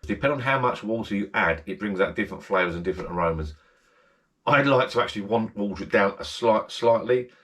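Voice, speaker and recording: A man with a fairly low voice hosts a casual, chatty vlog from his garden shed bar. He rambles, circles back and repeats himself, talking straight to the viewer in a friendly way. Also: quick pace, a bit bright. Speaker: channel host.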